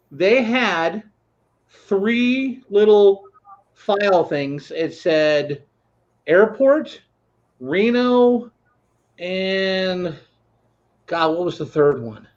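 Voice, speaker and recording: A man co-hosting a casual talk show, telling animated road anecdotes over a video call. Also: high voice. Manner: animated anecdote teller, acts out quoted voices. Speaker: podcast co-host. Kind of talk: casual storytelling. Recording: dull lo-fi stream audio.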